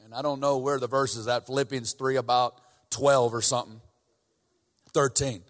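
A man's voice: mid-range voice, steady tone, moderate pace. A man preaching a sermon in a church, talking casually at first and then building to fervent emphasis. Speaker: guest preacher. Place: church sanctuary. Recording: church hall reverb.

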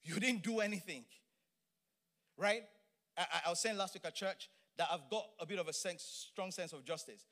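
A middle-aged Nigerian man preaches a sermon with energy at a moderate pace, his high, bright voice leaning hard on words for emphasis. He slips playful asides into the message.

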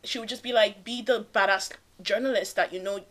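A woman's voice: medium pitch, fairly even intonation, fairly quick, a bit bright. A young woman co-hosting a podcast, talking candidly and swearing freely in a casual chat. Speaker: podcast co-host.

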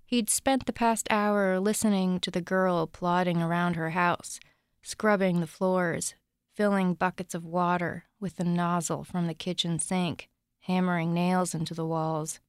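A woman reading her own short story aloud in a calm, measured, deadpan way. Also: lowish voice, smooth, dry recording, studio quality. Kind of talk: literary reading.

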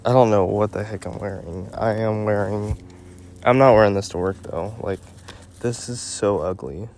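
A man's voice: lowish voice, normal speed, darkish tone, slight background noise. A teenage boy rambling and ranting into his phone while walking his dog outdoors, full of "like" and "um.". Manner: ranting, filler-heavy with frequent "like" and "um". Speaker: podcast host. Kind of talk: casual rambling monologue.

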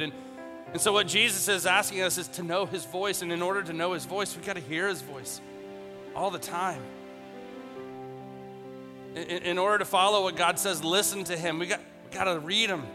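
A man giving a sermon as pastor, voice slightly high for a man. He tells Bible stories in casual, modern words and drives points home by repeating lines. It sounds like a big hall with long reverb and music playing behind him. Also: brisk. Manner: conversational preaching, acts out Bible scenes in casual modern speech; repeats phrases for emphasis.

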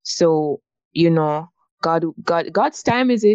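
A woman's voice: deep voice, expressive, takes it slowly, no room sound. Hesitant woman interviewer, muffled sound. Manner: gentle, hesitant, many restarts in questions. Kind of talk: faith interview, conversational. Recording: dry, dull lo-fi sound.

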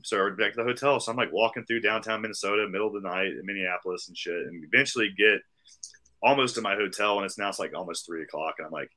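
A man co-hosting a podcast, telling a long, profane story casually and acting out the quoted voices of the people in it. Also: low-pitched. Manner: fast, animated, acts out quoted voices. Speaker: podcast co-host.

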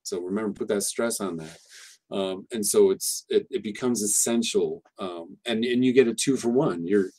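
On a podcast about teaching pronunciation, a man speaks at normal speed with a lowish, mellow voice that has a breathy edge. He's an English teacher guest whose casual, explanatory talk rambles, with frequent restarts and fillers.

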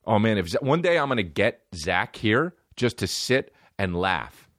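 A man riffing alone on his comedy podcast, his voice sitting low but leaping high when he gets worked up. He swerves into put-on voices mid-story. The sound is dry and close to the mic. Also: no room sound. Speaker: podcast host. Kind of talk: comedic monologue. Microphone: studio microphone.

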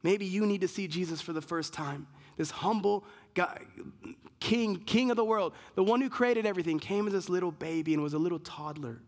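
A man's voice: high voice, a little fast, darkish tone. Man preaching emphatically in a big hall. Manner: emphatic, repetitive preaching with many lists and restarts. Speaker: pastor. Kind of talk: sermon. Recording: long reverb of a large hall.

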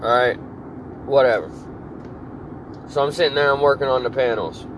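A man's voice: mid-range voice, normal speed, a bit bright, a little hiss or hum, low-quality recording. A man ranting angrily and profanely about his job, irritated and fed up. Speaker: podcast host. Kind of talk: angry work rant monologue.

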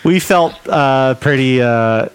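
A man's voice: mid-range voice, slow pace, noisy background. A man, a guest musician, telling a long anecdote in casual chat, rambling and filling gaps with "like". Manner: rambling, many filler "like"s. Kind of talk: casual storytelling.

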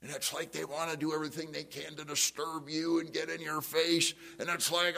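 A middle-aged man preaching a sermon, telling a story and acting out the voices in it with big jumps up in pitch. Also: fairly quick, gravelly, hardly any pauses. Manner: animated storytelling, jumps high to act out quotes. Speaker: pastor. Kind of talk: sermon with acted-out anecdote.

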